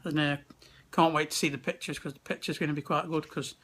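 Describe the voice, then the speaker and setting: A man's voice: on the high side, fairly even intonation, fast talker, a bit bright, husky. A young man from the of England, chatting casually and laughing into a handheld camera at a wrestling event, swearing often. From West Midlands, England. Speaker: vlogger. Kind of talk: casual chat. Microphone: handheld camera at arm's length.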